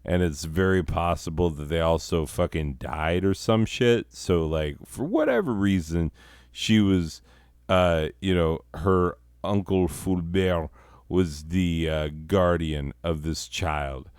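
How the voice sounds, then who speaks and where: A male comedy host with a deep voice and an unhurried, drawn-out delivery. He rambles through stories, swearing constantly and leaning on fillers. The sound is clean, smooth and dry, close to the mic. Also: darkish tone, no room sound. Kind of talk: casual profane comic storytelling.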